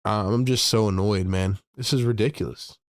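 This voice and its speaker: A man with a lowish voice hosts a live fan broadcast, calling the play-by-play at a moderate pace and ranting at the team in exasperation. The recording is studio quality with no echo.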